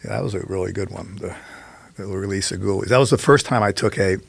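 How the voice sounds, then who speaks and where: Older guy with a low gravelly voice, rambling through old filmmaking stories. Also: fast talker, no room sound. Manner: rambling anecdotal storyteller, restarts, quotes others. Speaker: filmmaker guest. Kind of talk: casual storytelling interview.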